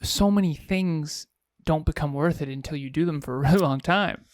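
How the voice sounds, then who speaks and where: A man's voice: on the high side, normal speed, dry recording, clean studio sound. A man co-hosting a podcast in casual chat, probing with pointed follow-up questions. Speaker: podcast co-host. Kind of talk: casual chat, interviewing co-host.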